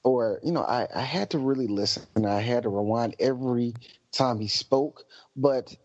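A man's voice: mid-range voice, moderate pace, a little mellow, no room sound. A man chatting as a podcast guest, rambling and laughing as he talks. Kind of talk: casual podcast chat. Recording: dull, dry lo-fi recording.

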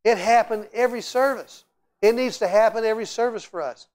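A middle-aged man preaching a sermon in a church as guest speaker, telling stories with lively, animated delivery and frequent restarts. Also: high voice, brisk. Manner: animated, storytelling, repeats words and restarts often. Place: church sanctuary.

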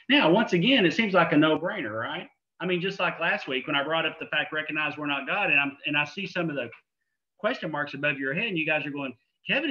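Earnest conversational preacher, bright tense voice. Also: male voice, fairly high pitch. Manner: conversational, earnest, repeats phrases for emphasis. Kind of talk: sermon. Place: church sanctuary. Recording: dull lo-fi church recording.

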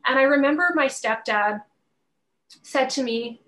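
A woman's voice: high voice, a little slow, a bit bright, low-quality recording. A woman giving a live masterclass to an audience, earnest and emotional, near tears at times, repeating phrases for emphasis. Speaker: masterclass speaker. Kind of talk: live inspirational talk. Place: event venue before an audience.

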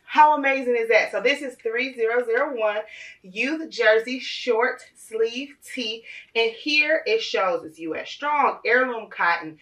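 A woman, gushing and excitable as she unboxes on her vlog. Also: on the high side, far from the mic. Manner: gushing and excitable, addresses viewers as "y'all". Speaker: vlogger.

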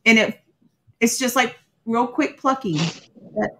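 A woman guest telling stories on a video call, expressive and quick to laugh. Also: a little high, a little hiss or hum. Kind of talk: live-stream chat.

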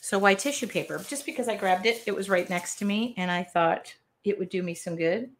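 A middle-aged woman leads a live craft demo from her home studio, chatting and joking at her own expense while she paints. Her voice sits at an ordinary pitch and the room around her is echoey. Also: a little fast. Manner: chatty, self-deprecating, talks to viewers while working. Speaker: art instructor.

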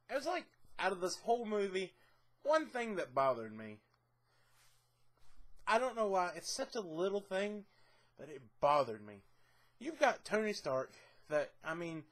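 Man, fairly high voice, casual movie review vlog, excitable, rambling, lots of filler words. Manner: enthusiastic, rambling with many "uh"s and "I mean"s; excitable and laughs easily.

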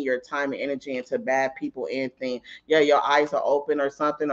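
Guy doing a tarot reading, kinda high voice, swears a lot, laughs a bunch, dull lo-fi sound. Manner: profane and chatty, laughs often; tells anecdotes mid-reading. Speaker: tarot reader. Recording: dull lo-fi audio.

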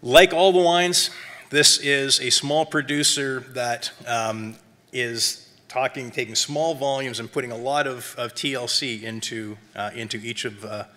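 A man presenting a wine seminar, talking in a chatty lecture style full of fillers and quick "right?" check-ins. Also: mid-range voice, steady tone, pushed and bright. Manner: chatty, lots of um and tag questions; self-described academic.

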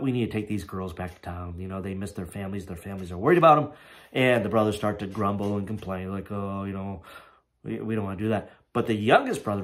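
A man preaching a sermon as pastor, conversational and storytelling, with frequent asides and restarts. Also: fairly low pitch.

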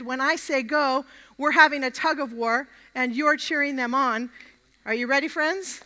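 A woman's voice: high-pitched, moderate pace, sharp tone. A woman preacher giving an interactive sermon at a camp meeting, energetically leading the crowd in chants. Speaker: guest preacher. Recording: long hall reverb.

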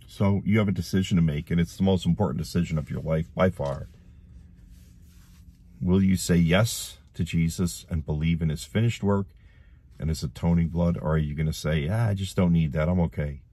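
Deep husky man preaching urgently. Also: steady tone, normal speed, mellow. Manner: urgent, pleading, repeats himself. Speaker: online preacher. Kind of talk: gospel appeal to camera. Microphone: camera.

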